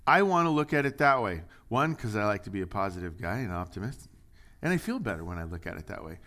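A middle-aged male pastor preaching a conversational sermon, dropping to hushed asides and rising to loud, emphatic readings. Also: on the low side, big pitch swings, quick pace.

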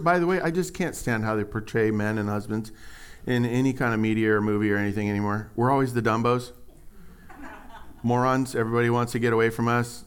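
A middle-aged man preaching a sermon, animated and joking, acting out voices as he tells stories. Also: medium pitch, fairly quick, clear, resonant tone. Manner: animated storytelling, acts out voices, jokes and sarcasm. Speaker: pastor.

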